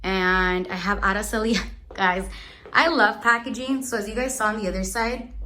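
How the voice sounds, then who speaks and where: A woman's voice: mid-range voice, moderate pace, pushed and bright, slight background noise. A young woman chatting casually through a room tour as a beauty vlogger, rambling and searching for words, a little out of breath. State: a bit out of breath.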